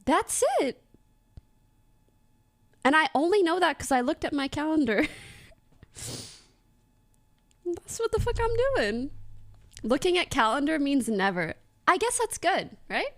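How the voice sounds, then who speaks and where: A young woman streamer telling a story in casual chat to her viewers, giggling often and talking in an animated way. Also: high voice, measured pace, long pauses.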